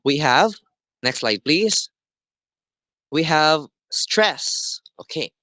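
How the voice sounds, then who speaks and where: Guy teaching a class, slow and careful, pitch bounces around a lot, dry close sound. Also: expressive, sharp tone, dry recording. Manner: slow, deliberate explaining with frequent "okay" checks. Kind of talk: classroom lesson.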